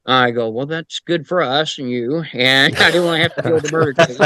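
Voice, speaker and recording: A man's voice: medium pitch, normal speed, dry recording. A middle-aged man who investigates the paranormal, telling stories in casual chat and acting out the voices of people he quotes. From Indiana, US. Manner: animated anecdotes, acts out quoted voices; frequent fillers and restarts. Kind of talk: casual storytelling.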